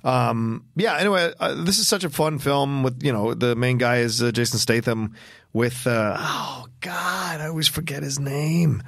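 A man's voice: mid-range voice, normal speed, gravelly, a bit bright, dry recording, clean studio sound. A man co-hosting a film podcast, chatting casually and swearing freely. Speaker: podcast co-host.

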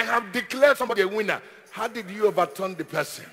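A man preaching a sermon as pastor, with call-and-response and repeated phrases that rise into shouted declarations. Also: sits high, fast, slightly rough, in a large hall.

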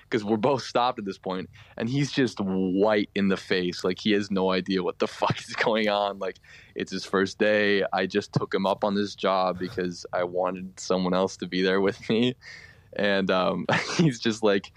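A man's voice: low-pitched, fairly even intonation, unhurried, no room sound. A young man telling a long story in a voice message, rambling with many fillers and laughing through it. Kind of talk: casual storytelling.

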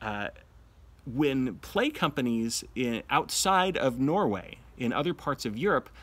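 A man teaching a literature lesson in an animated manner, acting out quotes from the play. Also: mid-range voice, a little slow.

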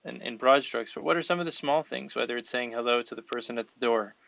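A man's voice: medium pitch, fast talker, gravelly, fairly bright tone, no room sound. A man hosting a podcast interview, speaking earnestly and encouragingly in long flowing sentences. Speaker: podcast host. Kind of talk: conversational interview. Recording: dull, slightly lo-fi sound.

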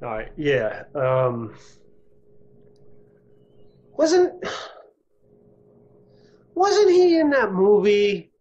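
Man, high voice, drawling, offhand, dull lo-fi audio. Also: huge pitch swings, drawn-out words, pauses often, a little mellow.

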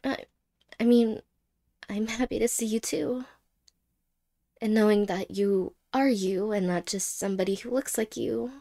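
A woman voicing an apologetic young ex-girlfriend in a whispered role-play, speaking haltingly and softly and slipping into whispers. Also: mid-range voice, creaky. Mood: tender. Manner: halting, hesitant, soft-spoken with whispered words.

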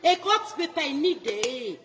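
A Nigerian woman in a loud, taunting social media rant, mocking and laughing between her jabs. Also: high-pitched, big pitch swings, moderate pace, slight background noise.

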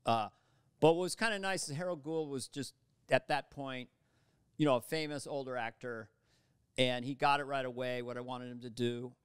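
A man telling stories as a guest comedian in casual conversation, animated and slipping into voices, on a studio mic. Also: mid-range voice, normal speed, smooth, no room sound. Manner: animated, slips into voices and quotes mid-story. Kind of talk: casual interview storytelling. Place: podcast studio.

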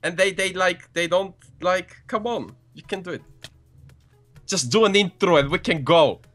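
A man's voice: high voice, moderate pace, fairly bright tone, soft background music. A young man playing a game with a friend, pushily coaxing him on and laughing. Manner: pushy and coaxing, keeps urging and laughing. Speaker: guest co-player. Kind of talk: casual gaming banter.

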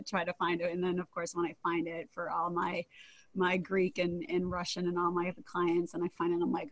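A woman's voice: on the low side, flat delivery, moderate pace, a bit bright, no room sound. A woman DJ chatting casually on a video call, rambling with frequent laughter. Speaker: DJ co-host.

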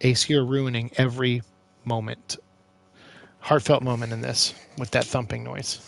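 A young man doing let's-play commentary, excitable and joking, trash-talking the enemies. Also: medium pitch, measured pace, creaky. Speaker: gaming commentator. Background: game music.

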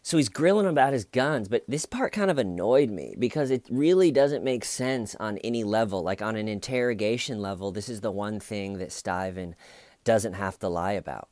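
A sardonic man with a somewhat low voice talks through a case in loose, rambling commentary. He jokes and mocks as he goes, and the sound is dry and close with no room echo. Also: lively intonation, normal speed, a little mellow. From United States. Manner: sardonic, mocking, rambling with restarts. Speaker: true crime commentator. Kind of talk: casual video commentary.

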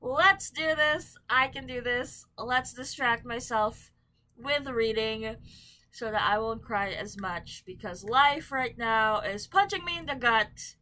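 A woman's voice: fairly high pitch, slow, sharp tone. A young woman chatting casually to camera in a book vlog, bubbly and full of ums and likes. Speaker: book vlogger. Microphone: camera mic.

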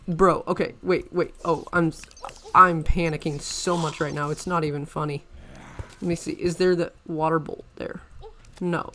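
Excitable man narrating his gameplay. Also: fairly high pitch, slight background noise. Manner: excitable, rambling, frequent panicked exclamations. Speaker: gaming channel host. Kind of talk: let's-play commentary.

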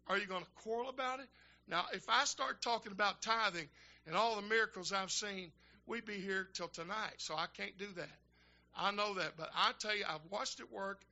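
An older man, a minister telling folksy stories in a sermon that build to shouting fervor. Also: high-pitched, muffled recording. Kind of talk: storytelling sermon.

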